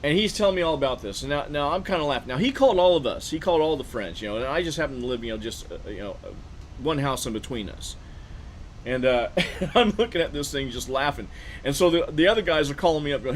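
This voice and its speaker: A man's voice: on the high side, expressive, fast, a little hiss or hum, rough recording. Rambling male streamer telling a story. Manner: rambling, full of fillers and restarts. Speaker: game streamer. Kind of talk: casual storytelling while gaming.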